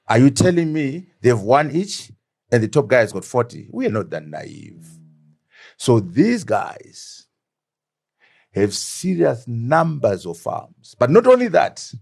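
A man's voice: mid-range voice, wildly swooping pitch, measured pace, vocal fry, a little mellow, husky. Middle-aged zimbabwean guy, interview guest, punchy and emphatic, asks himself questions then answers them. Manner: emphatic, rhetorical questions, acts out dialogue. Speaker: interview guest, former deputy prime minister. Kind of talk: animated political interview.

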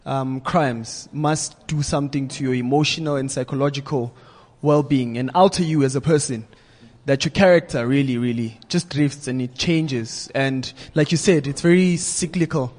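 A man hosting a panel discussion, asking measured, probing questions. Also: on the high side, a little mellow. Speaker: host. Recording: reverberant room.

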